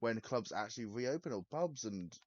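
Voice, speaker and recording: A man's voice: mid-range voice, animated, normal speed, no room sound, highs cut off. A man, giving blunt, sarcastic commentary on a video, swearing and laughing often. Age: 20s. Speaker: reaction video host. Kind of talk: casual reaction commentary.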